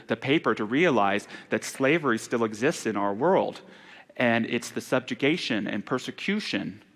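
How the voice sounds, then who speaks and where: Male minister preaching in a reverberant church. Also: medium pitch. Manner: earnest, grows soft and hushed on sorrowful passages. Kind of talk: sermon. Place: church sanctuary. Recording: long hall reverb in a church.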